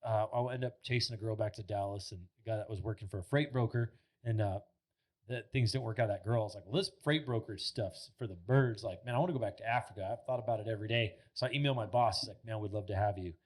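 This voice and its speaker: A man in his thirties, guesting on a podcast, rambles through casual stories packed with filler words and swearing. His voice is fairly low and he talks fast, recorded in a podcast studio.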